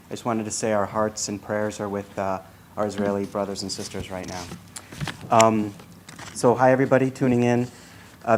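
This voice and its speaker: A man's voice: on the low side, a little hiss or hum, low-quality recording. A man in his forties, a father thanking the guests at his son's bar mitzvah, hesitant and full of ums and uhs. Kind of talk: casual speech to guests.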